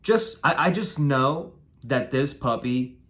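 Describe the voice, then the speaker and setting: Hoarse, nasal man giving breeding advice. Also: medium pitch, expressive, slow pace, a bit bright. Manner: talkative, repeats himself, tags lines with "right?" and "man". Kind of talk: casual instructional vlog.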